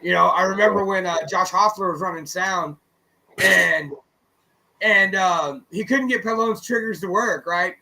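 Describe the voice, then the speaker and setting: A man's voice: high voice, a little slow, a little hiss or hum, poor audio. A man co-hosting a radio show, telling stories in a casual chat and acting out his friends' lines as he goes. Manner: animated storyteller who acts out friends' lines; swears casually, many fillers.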